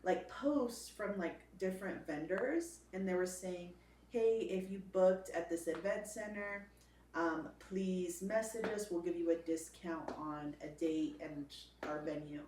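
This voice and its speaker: Chatty woman, lowish voice, roomy off-mic sound. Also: unhurried, a little mellow, far from the mic, slight background noise. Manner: chatty, rambling with fillers. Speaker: podcast co-host. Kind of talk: casual storytelling. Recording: roomy, off-mic with faint ambience.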